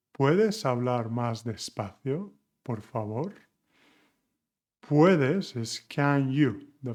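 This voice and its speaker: Man teaching beginner Spanish, mid-pitched. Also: a little mellow. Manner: slow, deliberate model phrases in Spanish; chatty, asks learners questions. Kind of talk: beginner language lesson.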